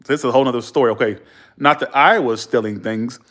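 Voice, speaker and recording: A man's voice: medium pitch, fast talker. Blunt, profane man telling stories. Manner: blunt, profane, animated storyteller who acts out arguments; chuckles between remarks. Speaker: vlogger. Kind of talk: casual storytelling to camera.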